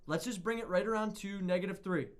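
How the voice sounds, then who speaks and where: Man, music production teacher, casual lesson, rambling, slightly high voice. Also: quick pace. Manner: chatty, rambling, self-correcting.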